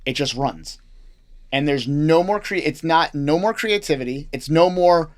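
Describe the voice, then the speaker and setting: A man's voice: on the high side, animated, a little slow. A man who is a chef and restaurant owner, talking bluntly and with animation as a guest in a casual interview, swearing freely.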